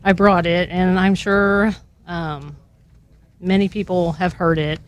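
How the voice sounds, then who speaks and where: A woman guest on a radio show, slowly and earnestly reading a long prayer aloud, her voice at times catching with emotion. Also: on the low side, steady tone, no echo. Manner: slow, earnest recitation.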